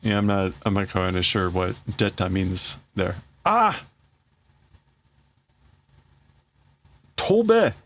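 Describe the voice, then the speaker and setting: This male streamer's low, monotone voice has a slightly bright quality, with a faint hiss or hum on the recording and a moderate pace. He works through a comic live, translating it, musing aloud and restarting hesitantly.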